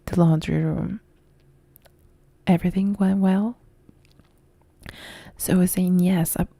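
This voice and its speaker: A young woman from Italy with an Italian accent, softly whispering as she chats and answers viewer comments in a whispered role-play live stream. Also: lowish voice, vocal fry, no room sound. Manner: soft whispered chat reading viewer comments.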